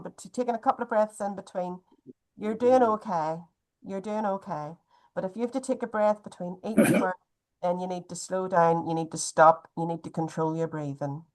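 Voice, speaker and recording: A woman giving a gentle, chatty health talk over a video call. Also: on the low side, fairly even intonation, fairly quick. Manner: gentle, chatty, uses wee often.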